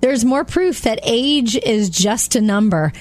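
A woman's voice: a little high, expressive, slow, a little mellow, no room sound, soft background music. A woman co-hosting a radio show, telling short feature stories in an upbeat way. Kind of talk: reading light news stories on radio.

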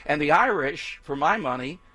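A man's voice: fairly high pitch, animated, moderate pace, sharp tone. A male talk radio host, brash and opinionated, chatting with his crew and callers.

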